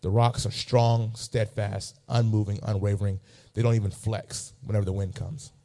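Mellow-voiced preacher man, emphatic. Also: fairly low pitch, flat delivery, moderate pace. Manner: emphatic, repeating phrases for effect. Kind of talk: sermon with personal storytelling.

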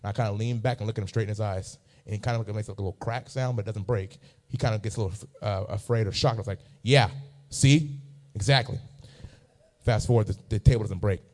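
A man's voice: on the low side, fairly even intonation, very fast, hardly any pauses, warm tone. A man preaching a sermon, mixing a funny personal story with emphatic, repeated phrases.

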